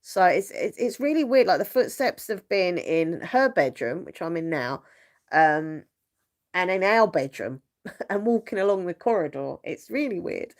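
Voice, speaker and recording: A woman's voice: on the low side, animated, a little slow. A young woman host chatting casually on a live stream from her bedroom at home, rambling and laughing often. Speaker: channel host.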